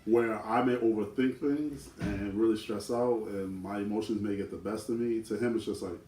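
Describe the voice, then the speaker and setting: A man in casual chat, talking reflectively and pausing to search for words. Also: fairly low pitch, fairly even intonation, warm tone, echoey room, far from the mic, slight background noise, low-quality recording. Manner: reflective, searching for words with many "you know"s. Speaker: vlogger twin.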